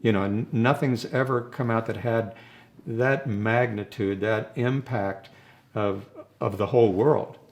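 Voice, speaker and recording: Older male rock drummer, gravelly voice, rambling and reminiscing in an interview. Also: fairly low pitch, steady tone, a little slow. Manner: rambling, reminiscing, chuckles between stories. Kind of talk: casual interview storytelling.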